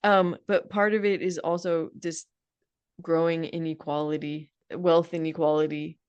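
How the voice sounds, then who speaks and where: A woman's voice: sits low, little pitch movement, measured pace, smooth, dry recording, dull audio. A woman hosting a podcast interview, talking earnestly and at length in casual conversation. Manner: earnest, talkative. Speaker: podcast host. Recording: dry close sound.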